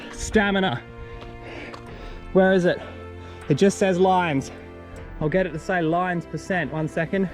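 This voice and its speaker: Excitable man vlogging on a trail. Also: sits high. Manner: excitable, rambling, swears mildly. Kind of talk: casual self-filmed vlog talk. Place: outdoors on a hill trail.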